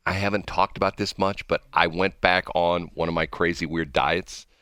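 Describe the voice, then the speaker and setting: A man's voice: low-pitched, fairly even intonation, moderate pace, bright, forceful tone, smooth, no room sound. A man hosting a morning radio show in casual banter, rambling, drifting off track and laughing often.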